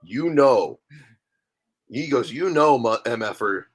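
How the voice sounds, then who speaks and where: A man of middle pitch chats as a guest on a podcast. He tells lively stories and acts out the dialogue. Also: slow, breathy edge. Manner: animated storytelling with acted-out dialogue. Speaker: guest, minor league hockey goalie. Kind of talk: casual interview chat.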